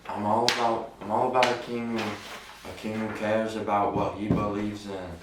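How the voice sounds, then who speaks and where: A man's voice: on the low side, level tone, moderate pace, close to an everyday voice. A man playing a boastful, deposed self-proclaimed king with a mock French accent, rambling and self-important, recorded distant in a noisy, roomy space.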